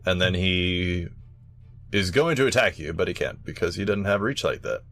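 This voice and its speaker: A man running a tabletop game as game master, animated and quick to laugh. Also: sits low, soft background music. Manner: animated, laughs often, voices monsters in short quotes.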